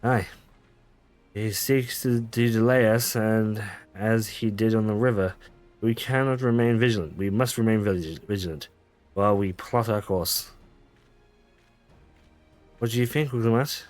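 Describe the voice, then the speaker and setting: Casting: male gaming streamer, low-ish voice, reads game lines aloud with stumbles, faint game music behind. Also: unhurried, pauses often, a little mellow. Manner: reads lines with stumbles, self-corrections and laughs. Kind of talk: reading game dialogue aloud while playing.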